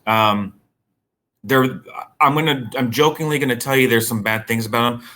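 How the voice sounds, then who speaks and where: A man's voice: mid-range voice, normal speed. A man answering questions in a product training session, speaking casually with frequent restarts. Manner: relaxed, conversational, many restarts. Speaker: vendor trainer.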